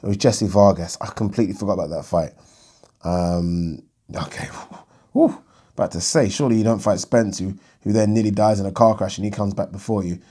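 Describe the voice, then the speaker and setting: Male host, casual solo boxing commentary, low and warm delivery, blunt and chatty. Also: steady tone, brisk. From United Kingdom. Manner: chatty and blunt, thinking aloud with frequent ums.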